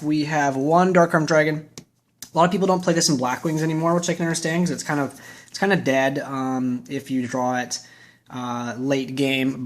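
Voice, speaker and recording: A man hosting his own channel, giving a casual, chatty and opinionated walkthrough of a card deck. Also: mid-range voice. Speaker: YouTube card game channel host.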